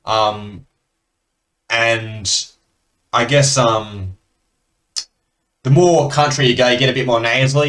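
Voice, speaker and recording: A man's voice: mid-range voice, fairly even intonation, takes it slowly, long pauses, a bit bright. An Australian man chatting casually and laughing between remarks as he comments on a card game he is playing.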